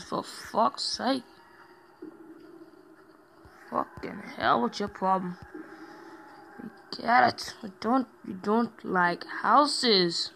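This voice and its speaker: Brief: young male gaming host, gravelly voice, swears constantly, jumpy horror let's-play energy, faint hiss behind. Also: high voice, pushed and bright, low-quality recording. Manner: heavy swearing, rambling, easily startled into yelps.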